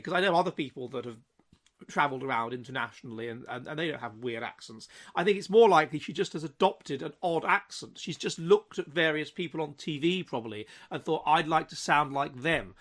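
A man's voice: fairly high pitch, fairly bright tone. A man giving a vlog commentary monologue, lecturing in a hesitant way full of restarts.

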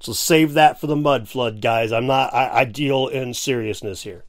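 A man's voice: mid-range voice, normal speed. A man hosting a casual reaction video, ranting with sarcasm and frequent swearing. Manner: ranting, sarcastic, profane, animated. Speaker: video host reacting to a clip.

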